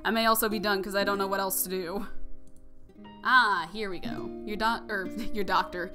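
A young woman narrates her playthrough of a story game, reacting out loud in an expressive, gushing way. Music plays steadily underneath. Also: medium pitch, normal speed. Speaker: let's play host. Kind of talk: emotional gameplay commentary.

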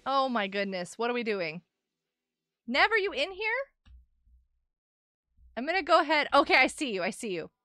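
A woman's voice: sits high, big pitch swings, moderate pace, long pauses, bright, forceful tone, no room sound, faint music behind. A woman live streaming and chatting with her viewers in a bubbly, giggly way while nursing a headache. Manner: bubbly, giggly, talks to chat. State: has a headache.

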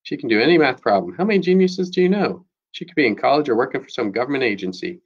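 A man's voice: medium pitch, animated, fast, breathy edge, muffled recording, voice pushed up. A man voicing an earnest, loyal middle-school girl in a read-aloud chapter book. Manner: earnest, pleading.

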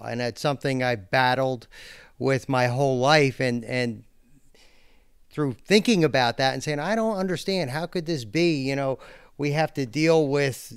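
A man talks as a guest on a podcast, earnest and reflective. His voice sits at a middle pitch and sounds smooth and clear. The recording is dry. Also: no room sound. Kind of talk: casual podcast conversation.

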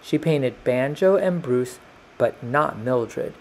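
Slow, unhurried man reading a storybook. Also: mid-range voice, slight background noise. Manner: slow, lively character voices in dialogue. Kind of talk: reading a children's picture book aloud.

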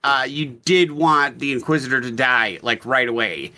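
A man's voice: medium pitch, moderate pace, pushed and bright. A man co-hosting a podcast, talking casually about a book in a rambling, profane way that keeps interrupting itself. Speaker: podcast co-host.

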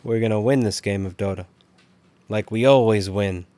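A man's voice: on the low side, normal speed, no room sound. Wry man chatting over a game. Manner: wry, chatty, shouts when excited. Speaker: host. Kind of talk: casual game-stream commentary.

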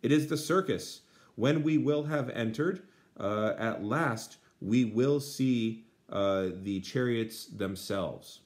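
A man voicing a Roman senator's young son while reading a translation aloud, with some pauses. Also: on the low side, animated. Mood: excited. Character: boy son of a senator, eager then scared.

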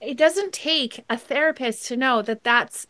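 A woman hosts a faith interview and answers her guest in an emphatic, affirming way. Her voice sits a little high. The sound is dry and close, with no room echo. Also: unhurried, pushed and bright. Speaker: host.

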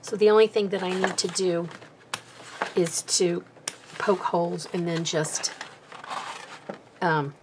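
A woman's voice: lowish voice, steady tone, takes it slowly, long pauses, noisy background. A woman casually talking through a bookbinding craft project as she works, chatty and self-deprecating, a little out of breath. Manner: chatty and self-deprecating, talking while working with her hands. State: slightly out of breath. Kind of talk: casual craft tutorial chat.

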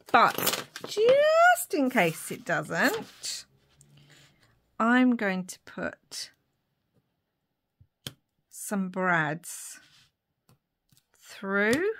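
A woman talks through a crafting tutorial at an easy, unhurried pace. She thinks aloud, fills gaps with little ums, and now and then drops to a soft whisper while she works at her desk at home. Her voice sits at an ordinary, middle pitch. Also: slight background noise. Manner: thinks aloud while working, with frequent fillers and asides. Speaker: papercraft vlogger.

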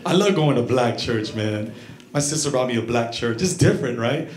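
A man's voice: mid-range voice, lively intonation, normal speed. A middle-aged man doing a chatty stand-up comedy set, riffing and teasing the crowd on a club stage. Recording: echoey club with audience. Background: crowd laughter.

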